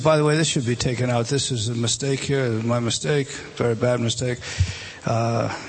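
Man, Bible teacher, halting speech, frequent restarts, faint background hiss. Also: mid-range voice. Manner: halting, many restarts, points at a page and rises when stressing a word.

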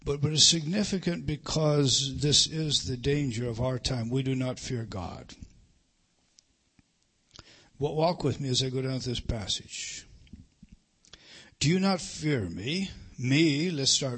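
A middle-aged man preaching a sermon, emphatic, rising to loud stresses and dropping to hushed lines. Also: medium pitch, measured pace, breathy edge. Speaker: pastor.

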